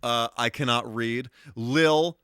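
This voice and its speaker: A man's voice: mid-range voice, takes it slowly, a bit bright, smooth, no room sound, studio quality. A man giving live commentary while playing a game, breaking into goofy exclamations and mock-formal asides. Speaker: streamer.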